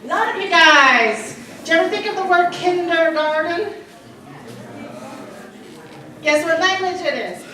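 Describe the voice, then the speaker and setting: A woman giving a history lecture to a class, lively, often quizzing the students and laughing. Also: extremely high pitch, unhurried, long pauses. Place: lecture room. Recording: echoey room from a distance.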